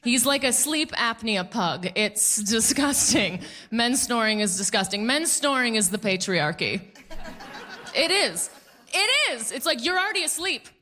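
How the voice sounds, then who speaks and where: A woman in her thirties doing a stand-up comedy set on a club stage, animated and jokey, acting out the voices of people in her stories. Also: on the high side, normal speed.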